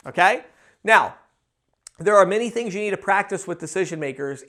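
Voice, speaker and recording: A man teaching cold-calling techniques to camera, talking casually and acting out quick sales lines with energy. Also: high voice. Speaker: sales trainer. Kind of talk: instructional talk to camera.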